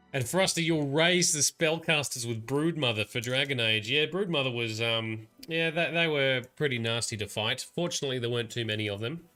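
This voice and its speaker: A male streamer chats casually through his playthrough, pausing to read lore text aloud. His voice is bright and forceful at a middle pitch. Faint game music sits underneath. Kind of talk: casual live gameplay commentary.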